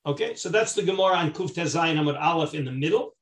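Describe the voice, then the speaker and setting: A man, a rabbi, teaching a Talmud class, reading the text aloud and then explaining it step by step in English, checking that the class is following. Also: fast. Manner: animated, rising in pitch and volume when stressing a point. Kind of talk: Talmud study lecture.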